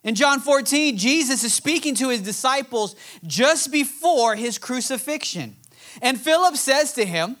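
Man, pastor, sermon, unhurried delivery, passionate emphasis, scripture reading. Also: very high voice, expressive, fairly bright tone. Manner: impassioned, emphatic preaching that reads scripture aloud.

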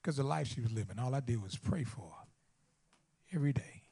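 Preaching in a brisk, expressive, husky voice of medium pitch, this man swings from loud, impassioned lines down to near-whispered storytelling. He repeats phrases to drive his points home.

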